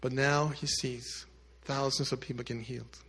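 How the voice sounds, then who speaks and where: A male pastor telling a story in a sermon, addressing the congregation directly and moving between loud emphatic lines and hushed quiet ones. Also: medium pitch, level tone, moderate pace, husky, big-room sound. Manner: speaks directly to the congregation with asides.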